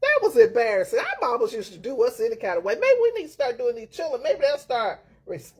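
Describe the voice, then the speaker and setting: Husky, lively woman chatting. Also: fairly high pitch, a little fast. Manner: animated storytelling, laughs often. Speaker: host. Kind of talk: casual chat.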